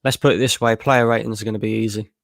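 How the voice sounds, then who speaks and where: A man's voice: lowish voice, fairly even intonation, quick pace, gravelly, no echo, clean studio sound. A man streaming a live match watchalong, tired after a long work shift and bluntly frustrated, swearing freely. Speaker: fan channel streamer.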